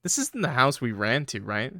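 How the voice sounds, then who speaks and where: A man streaming a game, commenting casually, excitable and joking, laughing and swearing. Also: mid-range voice, moderate pace, no echo, clean studio sound.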